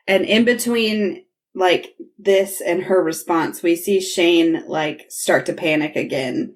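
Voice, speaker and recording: A woman's voice: fairly low pitch, measured pace. A woman hosting a podcast, recapping a TV episode in casual chat and acting out the characters' lines as she retells scenes. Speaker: podcast host.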